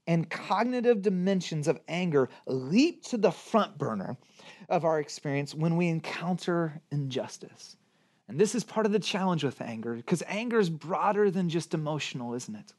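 A man preaching a sermon as pastor, animated and emphatic, using rhetorical questions and sudden bursts of emphasis. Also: on the high side, moderate pace.

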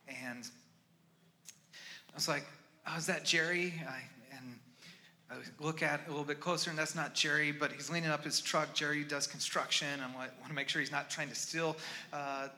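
A male pastor preaching a sermon in a brilliantly bright voice that sits a little high for a man. He moves from loud, urgent pleading to quiet, hushed storytelling.

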